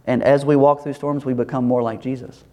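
Animated man preaching a sermon. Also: mid-range voice, brisk. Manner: animated, acts out quoted voices, laughs. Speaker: pastor.

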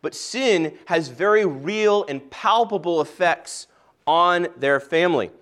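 A man delivering a sermon, moving from reading scripture aloud to explaining it to his congregation. He speaks in a measured, earnest way and sometimes restarts a phrase. His voice sits a little higher than most men's. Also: a bit bright. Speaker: pastor.

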